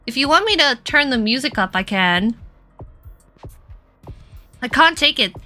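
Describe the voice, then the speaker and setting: A woman's voice: a little high, expressive, normal speed, pauses often, sharp tone, faint music behind. A young woman streaming a let's play, reading the game text aloud dramatically and dropping playful, giggly asides. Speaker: gaming streamer.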